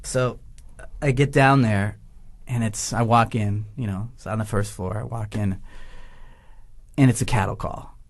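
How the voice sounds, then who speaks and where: A man's voice: fairly low pitch, unhurried, pauses often. A man from Massachusetts, a podcast guest, telling a story casually and acting out the voices of the people in it. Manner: animated, acts out quoted voices, laughs through the story.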